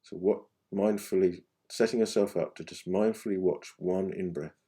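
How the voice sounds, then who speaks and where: A man leads a guided meditation lesson in a deep, mellow voice. He speaks gently and without hurry, his sentences often sinking to a soft, quiet finish. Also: steady tone, slightly rough. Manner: gentle, unhurried, phrases trailing off softly. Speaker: meditation teacher.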